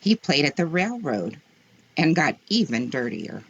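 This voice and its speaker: Lady reading kids stories, low husky voice, slow and super expressive. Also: dull audio. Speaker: storyteller. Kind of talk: children's story read-aloud.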